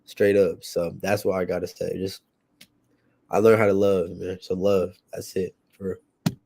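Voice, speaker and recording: A young man with a mellow, dark voice shares a heartfelt testimony. His talk is casual and slangy, full of repeats and restarts. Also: sits low, flat delivery, unhurried. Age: young adult. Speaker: youth program participant.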